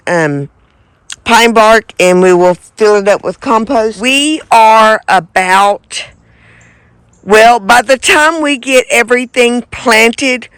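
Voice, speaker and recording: Brief: woman homestead vlogger, slow unhurried delivery, dry close sound, outdoors. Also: mid-range voice, clean tone, dry recording. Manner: unhurried, many ums and uhs. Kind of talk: casual garden vlog. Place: outdoor garden.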